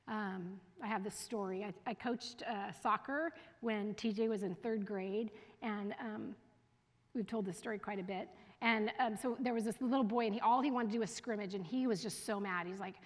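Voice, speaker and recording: A woman, a school division head, giving a casual, animated parenting talk to parents and often laughing and asking the audience questions. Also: mid-range voice, normal speed. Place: school event room with an audience. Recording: long reverb from a hall.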